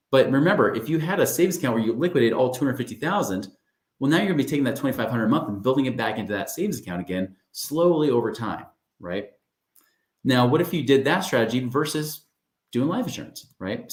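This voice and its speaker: A financial coach presents a webinar in a medium-pitched voice, recorded in an echoey room. His style is upbeat and conversational, and he checks in with the audience often, asking "right?" and addressing them as "guys."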